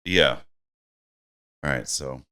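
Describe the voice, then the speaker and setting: A man co-hosting a podcast in casual chat, reading listener complaints aloud in a lively way. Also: rumbling low, slow pace, smooth. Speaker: podcast co-host.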